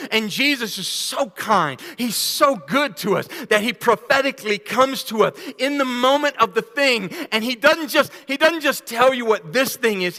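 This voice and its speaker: A man preaching a sermon as pastor, dropping to hushed, intimate lines and rising into loud, laughing storytelling. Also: high-pitched, long reverb tail. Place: church sanctuary.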